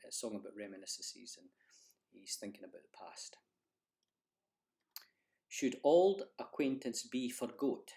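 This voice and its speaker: A Scottish man, a folk singer, giving an unhurried spoken lesson and explaining pronunciation carefully with many pauses. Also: fairly low pitch, gravelly. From Scotland. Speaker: folk singer teaching a song.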